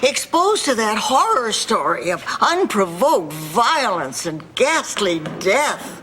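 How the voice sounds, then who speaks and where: A woman's voice: mid-range voice, very animated, takes it slowly, pushed and bright, exaggerated voice. An actress playing a sweet, naive woman in a sitcom, earnest and easily indignant. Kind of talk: sitcom acting. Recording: noisy sitcom audio.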